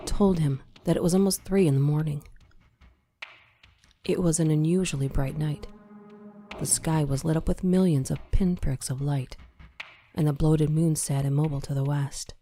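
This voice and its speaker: A woman narrating a horror story in a measured, dramatic storytelling manner. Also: deep voice, warm tone. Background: faint music.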